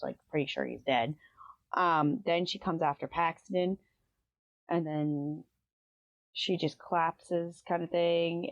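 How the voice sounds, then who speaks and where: A woman's voice: lowish voice, no room sound, dull audio. A woman hosting a casual book review, retelling the plot in a rambling way with lots of "um" and "like.". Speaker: book review podcast host.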